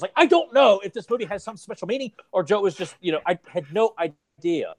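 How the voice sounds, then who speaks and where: A man's voice: high-pitched, expressive, brisk, hardly any pauses. A man co-hosting a podcast, chatting casually, teasing and rambling. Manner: teasing, mocking voices, rambling. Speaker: podcast co-host. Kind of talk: casual chat.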